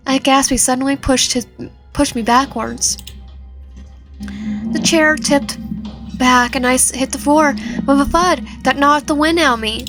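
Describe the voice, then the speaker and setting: A woman's voice: high voice, a little slow, long pauses. A young woman hosting a gaming channel, reading a visual novel aloud dramatically with commentary, often stumbling and restarting words. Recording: faint game music behind.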